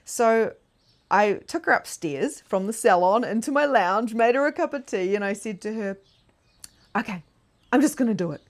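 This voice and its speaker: Her voice slightly high and her pace moderate, a woman runs a live online masterclass on mediumship. She tells stories animatedly and chattily, with plenty of laughter and "like" fillers.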